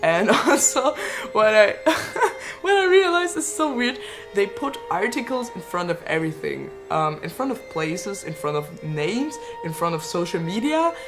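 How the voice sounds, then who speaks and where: A woman's voice: mid-range voice, big pitch swings, normal speed, over music. A woman in her twenties chatting casually as a vlogger answering viewer questions, laughing often and swearing freely. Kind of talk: casual Q&A chat.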